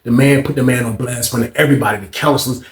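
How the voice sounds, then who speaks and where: A man telling a story casually, animated and slangy, acting out the people in it. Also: mid-range voice, racing, a little hiss or hum. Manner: animated, acts out voices, slangy and profane. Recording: roomy echo.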